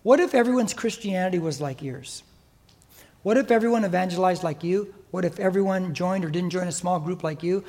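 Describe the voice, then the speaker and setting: A man's voice: high voice, brisk, a little mellow. An older man with an American accent preaching a sermon as pastor in a church, emphatic and exhorting. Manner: emphatic, exhorting, mimics listeners' excuses.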